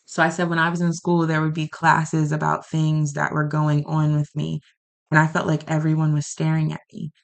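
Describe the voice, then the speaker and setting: A woman's voice: deep voice, completely flat delivery, moderate pace, creaky. A woman speaking an emotional prayer aloud, raw, pleading and angry.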